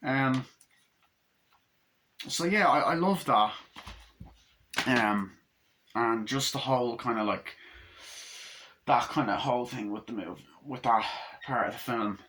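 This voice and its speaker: A man's voice: mid-range voice, slow pace, pauses often, fairly bright tone, slight background noise. A young man in his twenties giving a casual, rambling film review, retelling scenes by mimicking the dialogue and swearing casually. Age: 20s. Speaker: movie reviewer.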